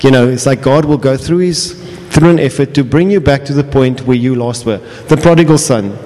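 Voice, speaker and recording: Pastor guy preaching, earnest, mid pitch, long echo like a big church hall. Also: fairly quick, hardly any pauses, dark tone. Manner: earnest, repeats himself, restarts phrases. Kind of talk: sermon. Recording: long reverb of a large hall.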